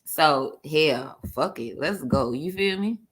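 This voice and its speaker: A woman's voice: sits low, animated, takes it slowly. A woman with a New York accent chatting on a panel, blunt and profane, laughing often. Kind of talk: casual panel chat.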